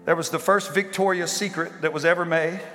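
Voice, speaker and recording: A male pastor preaching a sermon to a congregation, building to impassioned shouting and repeated rhetorical questions. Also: on the high side, steady tone, a little fast, over music. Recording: live sermon in a reverberant hall with faint instrument.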